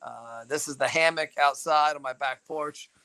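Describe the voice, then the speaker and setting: A man's voice: fairly high pitch, normal speed, pushed and bright. A young man hosting a casual live-stream chat from a back-porch hammock, teasing and playful. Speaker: host. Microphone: phone camera.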